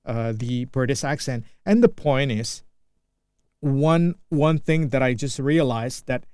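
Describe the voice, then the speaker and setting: A man's voice: mid-range voice, slow, darkish tone, clear, resonant tone, no echo, clean studio sound. A man from Indonesia with an Indonesian accent, a native Indonesian speaker, thinking aloud in an unscripted solo vlog and often restarting and repeating phrases. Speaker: vlogger practicing English.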